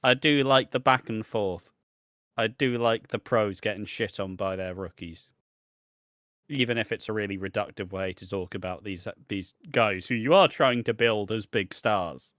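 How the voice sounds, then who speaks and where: On a wrestling review podcast, a man chats loosely with his co-host, laughing, swearing, and rambling from one point to the next. His fairly low voice is bright and forceful, and he speaks at a moderate pace. The recording is dry and close-miked, with no room sound or echo.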